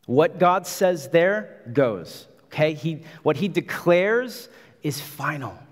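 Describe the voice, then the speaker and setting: Emphatic male preacher in a reverberant hall. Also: on the high side. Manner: emphatic, repeats phrases, builds intensity. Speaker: pastor. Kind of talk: sermon.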